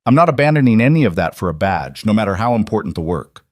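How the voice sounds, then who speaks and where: A man's voice: fairly low pitch, very animated, quick pace, no echo, clean studio sound. A man playing Elias, a weary but devoted former lawman and husband in a western storybook, speaking steadily and solemnly. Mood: steady.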